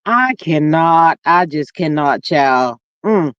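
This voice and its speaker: Woman, livestream host, chatty and animated, dry close sound, muffled lo-fi audio. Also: smooth, no room sound. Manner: animated storytelling with big pitch swings and frequent laughter; drawn-out emphatic exclamations. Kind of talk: casual livestream chat, reading viewer comments.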